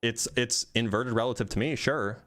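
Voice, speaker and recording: A man hosting an online debate, calmly asking short probing questions and repeating them. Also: medium pitch, moderate pace, a crowd in the background. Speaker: debate streamer host.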